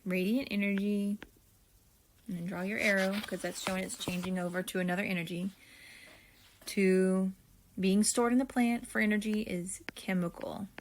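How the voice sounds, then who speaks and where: A woman teacher at an average pitch goes through her notes for a video lesson. She talks slowly and deliberately and thinks aloud as she writes. She speaks to her students in a friendly way. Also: steady tone, background noise. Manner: slow, deliberate, thinking aloud while writing; friendly, addresses students directly.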